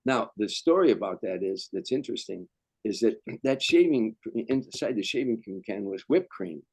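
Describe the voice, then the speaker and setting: A man's voice: on the low side, animated, normal speed, darkish tone, slightly rough, dry recording, low-quality recording. An older male comedian telling anecdotes as a guest, rambling and restarting sentences. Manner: rambling, repeats words, restarts. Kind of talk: anecdotal storytelling.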